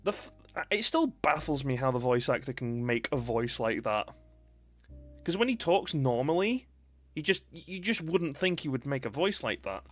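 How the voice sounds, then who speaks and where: A man's voice: medium pitch, sing-song, moderate pace. A man giving casual, rambling commentary while streaming a game, chatting and laughing often. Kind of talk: casual let's-play commentary. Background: faint game music.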